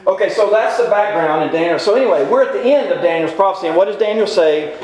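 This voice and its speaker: A man with a noticeably high voice leads a Bible class in a folksy, informal way. He keeps tossing questions at his listeners and repeating them until someone answers. The recording rings with heavy room echo. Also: animated, fast talker, darkish tone. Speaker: Bible study teacher. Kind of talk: interactive Bible class lecture. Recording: very echoey room.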